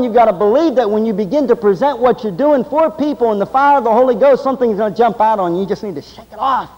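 A man preaching a sermon, swinging between loud, intense passages and low, quiet stretches. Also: dull audio. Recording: long hall reverb.

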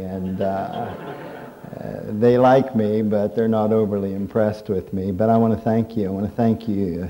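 A middle-aged male preacher with a warm, mellow voice. He delivers his sermon in a folksy storytelling way, working jokes in as he goes. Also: lowish voice. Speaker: pastor. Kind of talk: humorous sermon.

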